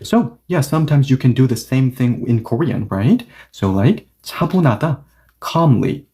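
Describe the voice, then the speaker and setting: Male language teacher, mellow voice, animated delivery, patient and explanatory. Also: medium pitch, moderate pace. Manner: patient, checks understanding often. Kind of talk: online grammar lesson.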